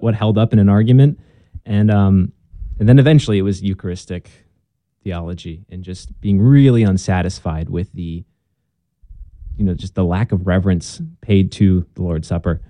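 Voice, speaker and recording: A young man talking as a guest in a casual conversation, earnest and halting, with many restarts and fillers. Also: deep voice, dark tone, no room sound.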